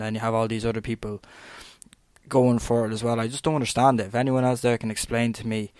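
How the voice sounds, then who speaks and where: A man's voice: mid-range voice, level tone, fast talker, a little mellow, dry recording. A young Irish man in his twenties, hosting a podcast and ranting bluntly in a rambling monologue, swearing freely and peppering his talk with "like.". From Ireland. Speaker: podcast host.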